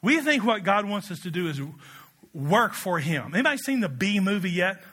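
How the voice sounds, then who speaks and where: A man delivers a storytelling sermon in a high, bright voice. He keeps it animated and playful, surging into loud, excited peaks before settling back down. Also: moderate pace. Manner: animated, jokey, rising to excited shouts. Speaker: preacher.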